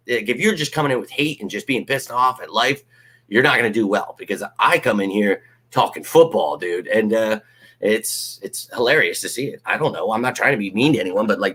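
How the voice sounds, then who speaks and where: A man hosting a live fan stream, ranting casually, swearing freely and mocking critics. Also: on the low side. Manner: animated, ranting, swears freely, mocks critics in put-on voices.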